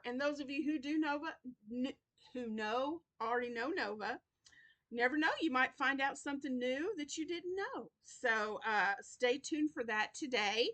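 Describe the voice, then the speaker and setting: A tired woman with a Southern US accent hosts a crochet channel, casually talking through her weekly plans with lots of fillers. Her high-pitched, sharp voice is interrupted by yawns she apologizes for in this weekly update vlog.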